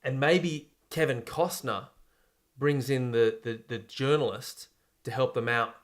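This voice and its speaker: A man's voice: medium pitch, fairly even intonation, measured pace. Laid-back man spinning a story. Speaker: podcast co-host. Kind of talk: casual comedic chat, pitching a movie plot.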